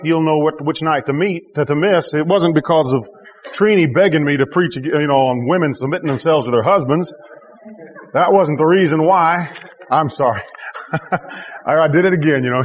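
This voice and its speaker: The recording has a big-room, dull sound as a man with a fairly high voice delivers a church sermon to his congregation. As pastor, he speaks emphatically, drives home key phrases again and again with growing intensity, and adds the occasional joke.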